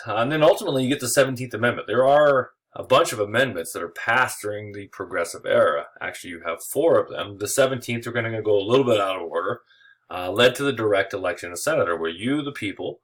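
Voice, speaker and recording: A man with a somewhat low voice lectures on history in a loose, conversational way. He fills pauses with "uh" and "um" and breaks off for quick jokes before getting back to the lesson. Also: fairly bright tone. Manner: casual, joking asides, frequent uh fillers. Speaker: history teacher.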